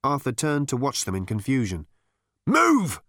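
A man's voice: lowish voice, lively intonation, moderate pace, no echo. A man reading a comic novel aloud as narrator in a dry, wry storytelling manner. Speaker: audiobook narrator. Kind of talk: scripted narration.

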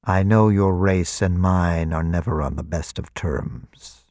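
A cold, calculating vampire commander speaks as a man puts him on, deep and unhurried, each line measured and clinical. The quiet menace sits in a dry, close voice with no room around it. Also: dry recording.

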